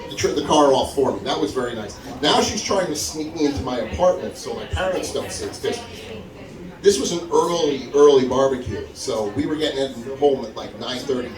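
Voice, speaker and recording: Here a man performs a stand-up bit at a comedy club's open mic, impersonating the people in his story with sharp swings in his voice. His delivery is animated. Audience laughter fills the echoey space, recorded from a distance.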